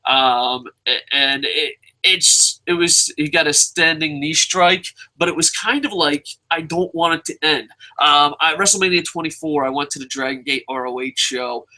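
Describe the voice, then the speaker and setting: A man's voice: mid-range voice, sharp tone, rough recording. A man hosting a solo podcast, giving heated, profane opinions and repeating phrases for emphasis. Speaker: podcast host reviewing wrestling.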